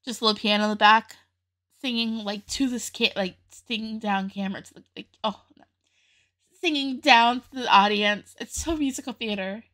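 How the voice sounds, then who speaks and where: A woman's voice: a little high, normal speed, pushed and bright. A young woman hosting a casual music reaction video, chatty and openly emotional, often laughing as she talks.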